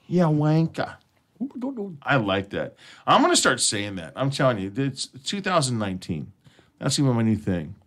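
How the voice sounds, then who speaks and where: A man's voice: medium pitch, huge pitch swings, moderate pace, fairly bright tone. A man hosting an internet radio show, chatting casually with his co-hosts, laughing often, rambling and swearing freely. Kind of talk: casual chat.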